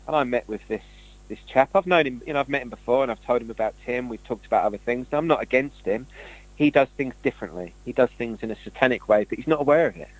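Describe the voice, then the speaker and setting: A man's voice: mid-range voice, fast, low-quality recording. A man talking casually and rambling through stories, acting out what people said. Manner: rambling, tells stories with acted-out quotes. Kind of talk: casual conversation.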